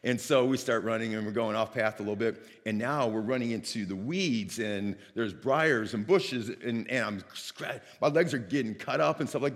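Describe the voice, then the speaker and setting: A man from Northeast Ohio preaching a sermon, telling a lively personal story and acting out the dialogue. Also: mid-range voice, moderate pace, hardly any pauses, long reverb tail. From Northeast Ohio, United States.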